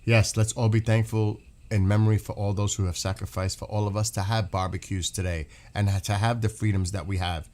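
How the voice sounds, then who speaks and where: A man's voice: fairly low pitch, steady tone, brisk, few pauses, darkish tone. A middle-aged American man, chatting casually and earnestly with live viewers, rambling and repeating himself. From United States. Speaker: live stream host.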